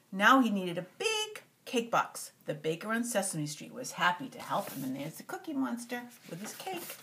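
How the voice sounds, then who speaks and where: An older woman reading a picture book aloud to a child, animated and stopping often to talk to the little one. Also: medium pitch, slight background noise.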